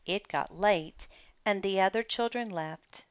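A woman reads a children's picture book aloud, slowly and deliberately. Her voice is smooth and clear, recorded dry with a slightly muffled tone. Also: mid-range voice, no echo. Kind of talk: storybook read-aloud.

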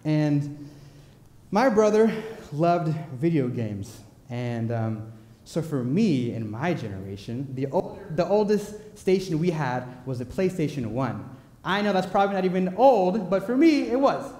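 A young man preaching a sermon in a church, telling personal stories in a playful, animated way with quick asides. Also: fairly high pitch. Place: church sanctuary. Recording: echoey church hall.

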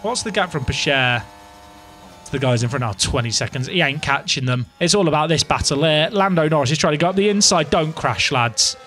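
A young man giving live, excitable commentary to his viewers while playing a game, dramatic and self-mocking. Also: fairly high pitch, fairly quick. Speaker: game streamer.

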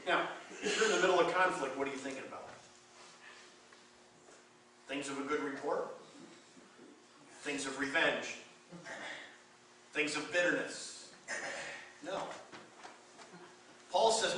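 A man preaching with a high, bright voice that swings between quiet reflection and emphatic force. The sound is heard from a distance in a very echoey church sanctuary, with a faint noise floor under it. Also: a little slow, long pauses. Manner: emphatic preaching with rising and falling intensity. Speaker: pastor. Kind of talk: sermon.

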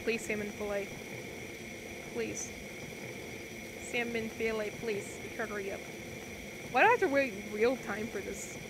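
A young woman chats playfully through a cooking game stream in a fairly high voice. She speaks straight to her viewers while she plays, and a steady noise runs under the recording. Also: measured pace, long pauses. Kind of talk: casual gameplay commentary.

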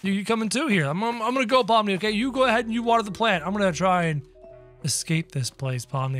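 A man doing excitable, jokey let's-play commentary, talking to his viewers as he plays. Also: high-pitched, fast talker, soft background music. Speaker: gaming commentator.

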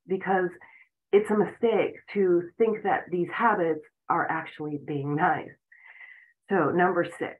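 A woman giving an earnest self-help talk as a relationship and spiritual coach, explaining points with frequent "you know"s. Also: fairly low pitch. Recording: tinny phone-like audio.

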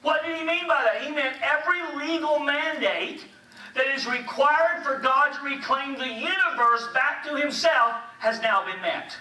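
Brief: high, bright-toned male preacher, animated storyteller, recorded from a distance in an echoey hall. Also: normal speed. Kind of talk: sermon. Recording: echoey hall, distant mic, faint hiss.

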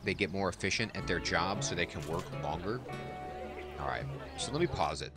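A deep-voiced man provides relaxed let's play commentary, chatting to the animals on screen in an amused, friendly way. Background music plays steadily behind his voice. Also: normal speed. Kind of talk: casual game commentary.

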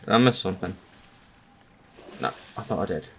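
A man playing a horror game, muttering to himself between yelled insults at the enemies. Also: low voice, moderate pace, slight background noise. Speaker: gamer. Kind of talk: gameplay commentary.

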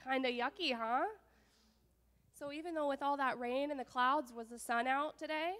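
A woman's voice: high-pitched, a little slow. Woman telling a children's story in church. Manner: lively, asking the children questions. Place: church sanctuary. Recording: long church reverb.

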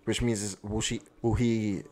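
Man, fairly low voice, anime reaction host, casual slang, excitable, talks to viewers. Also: normal speed.

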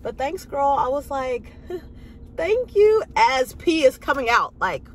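Sassy, animated woman vlogger. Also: high voice, measured pace. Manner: animated, sassy, acts out quoted voices. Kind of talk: casual storytelling to camera.

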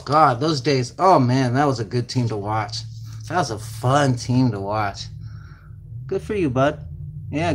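A man with a slightly raised voice chats his way through a card break, reading out names and numbers. He sounds a little flustered and scattered. A faint noise sits under the recording. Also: a little high. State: flustered and distracted. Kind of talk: casual card-opening commentary.

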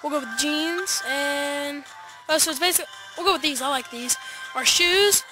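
An excitable male gamer with a high, light voice talks fast and eagerly to his viewers. Music plays clearly behind his chatty commentary. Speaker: gaming YouTuber. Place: backyard, outdoors.

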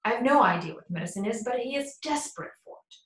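A woman's voice: on the high side, expressive, quick pace, close to an everyday voice. Woman reading as a frightened loyal male butler. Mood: worried. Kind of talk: audiobook character voice. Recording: roomy echo.

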